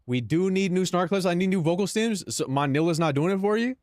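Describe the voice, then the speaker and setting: A man's voice: high-pitched, expressive, brisk, a little mellow, dry recording. Slangy streamer guy, dry close sound. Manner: slangy, calls chat "bro", laughs between lines. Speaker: live streamer. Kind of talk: casual livestream chat.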